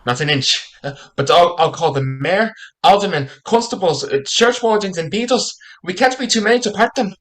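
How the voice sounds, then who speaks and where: A woman's voice: on the low side, lively intonation, moderate pace, lightly acted. A woman playing a flustered old-fashioned male country servant in a stage comedy, talking with frantic alarm.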